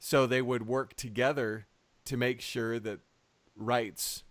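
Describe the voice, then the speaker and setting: A man speaking as a guest on a political podcast, measured and a little hesitant. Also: mid-range voice, steady tone, no room sound.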